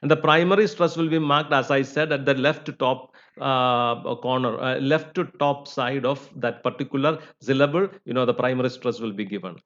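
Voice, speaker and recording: A man's voice: mid-range voice, steady tone, moderate pace, few pauses, fairly bright tone. A man teaching English phonetics, with many "you know" and "uh" fillers. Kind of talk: lecture. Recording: slightly dull recording.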